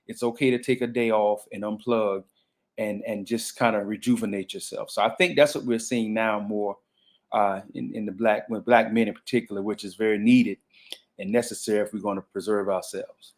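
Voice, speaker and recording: Low-voiced reflective male pastor. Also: steady tone, moderate pace. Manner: reflective, frequent restarts and fillers. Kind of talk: panel conversation.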